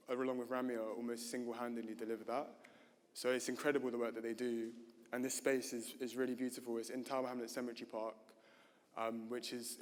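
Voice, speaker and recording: A man talks at a gallery panel, feeling his way through each thought with frequent fillers and self-corrections. His pitch stays fairly flat and even. The sound carries a long reverb from a large hall. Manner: hesitant, many fillers and restarts. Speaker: panel speaker. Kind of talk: unscripted panel talk. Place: gallery event stage.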